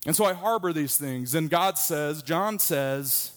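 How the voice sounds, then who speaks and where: A man's voice: on the high side, lively intonation, a little slow. Pastor, man in his thirties, delivers a sermon in a frank, chatty storytelling manner. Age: 30s. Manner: candid, conversational storytelling.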